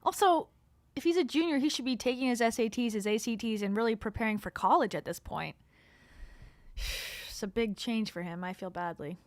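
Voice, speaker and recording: A woman's voice: fairly high pitch, fairly quick, no room sound. Sarcastic woman streamer, dry close mic. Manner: sarcastic, exasperated asides; chuckles often. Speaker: streamer reacting to a podcast. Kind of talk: casual livestream reaction commentary.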